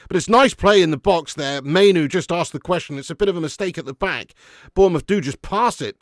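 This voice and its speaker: Excitable lad. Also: male voice, sits high, a little fast, no echo, studio quality. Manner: excitable, banter-heavy, calls viewers mate and lad. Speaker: fan channel host doing a live match watch-along. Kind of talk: casual live-stream commentary and chat.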